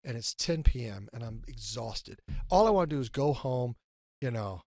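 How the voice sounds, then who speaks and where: A middle-aged man telling an animated personal story as an interview guest. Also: medium pitch, moderate pace, no room sound, studio quality. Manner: animated, acts out his inner argument.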